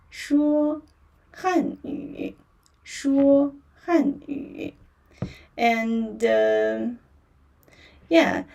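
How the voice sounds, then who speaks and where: A woman's voice: a little high, gravelly, mellow, far from the mic. A woman teaching beginner on a livestream, patiently repeating words and tones with many fillers; is her language. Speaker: Mandarin teacher.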